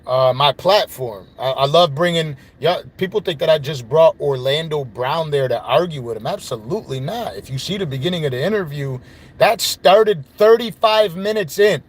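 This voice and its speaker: A man's voice: fairly high pitch, animated, normal speed. A man hosting a podcast, telling a story in a casual, rambling monologue full of swearing and "you know what I mean.". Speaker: podcast host.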